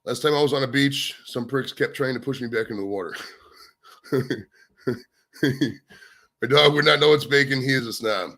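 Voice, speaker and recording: Streamer host: man from the States, bright forceful voice, profane rambling chat. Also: mid-range voice, moderate pace, long pauses. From United States. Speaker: livestream host. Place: his home.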